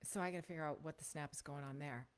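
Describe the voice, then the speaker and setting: A middle-aged woman with a slightly low voice coaches voiceover in a loose, chatty livestream. She rambles warmly through her points and keeps checking in with "right?", recorded close on a shotgun microphone at her home desk. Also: very fast, clean tone. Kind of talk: casual livestream teaching chat. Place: home recording setup at a computer. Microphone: shotgun studio microphone.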